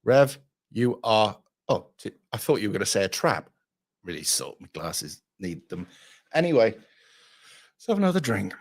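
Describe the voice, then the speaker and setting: A man's voice: lowish voice, sing-song, measured pace, long pauses. Blunt, swearing man ranting. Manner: profane, blunt, storytelling with re-enacted dialogue. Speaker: channel host. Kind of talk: casual ranting vlog.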